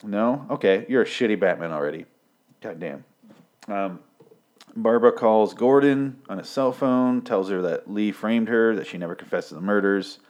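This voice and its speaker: A man's voice: lowish voice, normal speed, a little mellow. A young man casually recapping TV episodes, swearing often and rambling sarcastically with lots of fillers.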